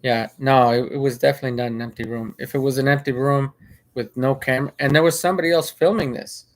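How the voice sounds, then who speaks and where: A man's voice: mid-range voice, steady tone, quick pace. Rambling man retelling a viral clip. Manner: rambling with frequent restarts and filler. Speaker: vlogger. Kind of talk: casual spoken commentary.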